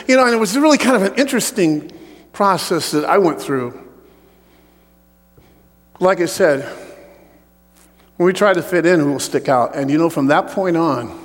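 A man preaching a sermon with personal testimony in an animated way, joking with the congregation. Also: sits high, big-room sound.

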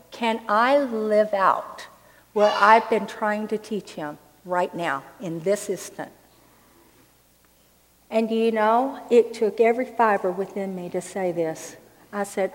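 An older woman preaching a sermon through a funny personal story, with lively laughs along the way. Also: medium pitch. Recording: long hall reverb.

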